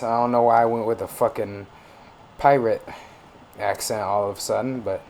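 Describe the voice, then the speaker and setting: A man's voice: lowish voice, fairly even intonation, moderate pace, long pauses, a little mellow, slight background noise. A man hosting a gaming channel, with laid-back, chatty and joking casual commentary.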